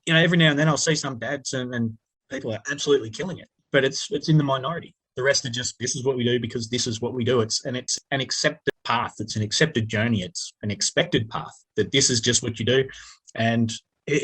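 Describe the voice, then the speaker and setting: Husky man, quick and earnest. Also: medium pitch, fairly bright tone. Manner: reflective and earnest, with a lot of "you know". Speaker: podcast guest. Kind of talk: casual podcast interview.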